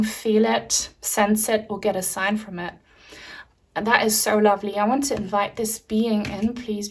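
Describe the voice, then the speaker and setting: A woman doing a pick-a-card tarot reading, talking gently and earnestly, with soft fillers and frequent restarts. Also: mid-range voice. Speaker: tarot reader.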